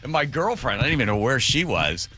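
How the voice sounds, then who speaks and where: A man's voice: mid-range voice, big pitch swings, quick pace, sharp tone, breathy edge, soft background music. A man hosting a radio show, joking and telling a story in casual banter. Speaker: radio host. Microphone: studio mic.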